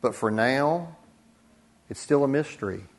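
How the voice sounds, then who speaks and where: A man preaching a sermon as pastor, deliberate, with dramatic pauses and soft drops for emphasis. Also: mid-range voice, animated.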